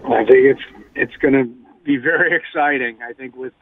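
A man calling in to a radio show as a racing reporter, chatting in a lively way and laughing easily. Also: mid-range voice, moderate pace. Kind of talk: phone-in radio chat. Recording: tinny phone line.

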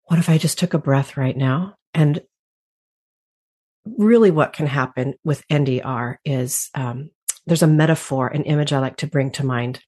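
Low-voiced woman talking things through. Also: normal speed. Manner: reflective, animated, laughs often. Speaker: guest. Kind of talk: conversational interview.

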